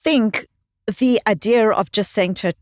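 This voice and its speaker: Expressive woman psychologist, dry close sound. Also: mid-range voice, a little slow, no room sound. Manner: expressive storyteller who repeats phrases for emphasis. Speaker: psychologist guest. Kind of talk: conversational interview storytelling.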